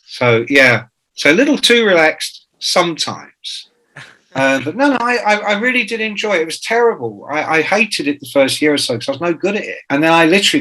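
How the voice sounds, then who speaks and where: A man's voice: a little high, pushed and bright, rough recording. A man in his sixties, a guest author telling profane, jokey anecdotes and acting out the quotes. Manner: profane, jokey storyteller who acts out quotes. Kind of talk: anecdotal interview talk.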